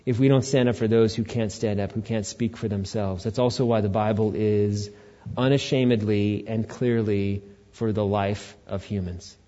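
A man's voice: lowish voice, steady tone, normal speed, warm tone. A male pastor giving a conversational sermon to his church, with joking asides to the congregation. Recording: dull lo-fi recording.

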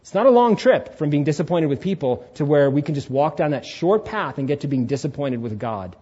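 Animated, husky-voiced man preaching a sermon. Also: a little high, brisk, dull audio. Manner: animated, acts out inner voices and questions to the congregation. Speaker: pastor. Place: church sanctuary.

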